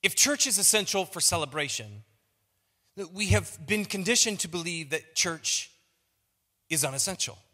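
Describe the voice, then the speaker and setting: A man's voice: high voice, big pitch swings, moderate pace, bright, forceful tone. A male pastor preaching a sermon in a playful, self-mocking way, often repeating words. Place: large church auditorium. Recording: long reverb of a church hall.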